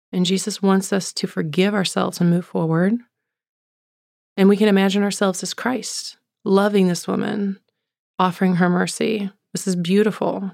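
A woman gives a slow, deliberate devotional reflection on her podcast, often dropping into quiet, soft phrases. Her voice carries a heavy gravelly fry throughout. The recording is dry and close. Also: on the low side, no echo. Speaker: podcast host.

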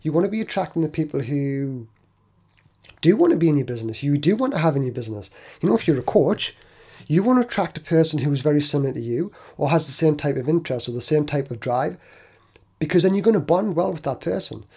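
Hosting a motivational podcast on his own, this man has a husky voice that sits slightly high, with a warm, mellow tone. He talks fast and animatedly, speaking earnestly into the mic and often repeating himself or restarting a sentence before carrying on.

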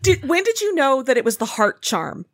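Lively, laughing woman co-host. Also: high-pitched, fairly quick. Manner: playful, laughs often, teasing. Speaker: podcast co-host. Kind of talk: casual chat.

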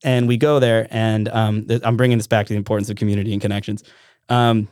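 A man from Alaska, a podcast guest telling a story in a rambling, animated way with many restarts. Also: on the low side, fast, no echo, clean studio sound. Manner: animated, rambling, self-interrupting. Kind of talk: casual storytelling.

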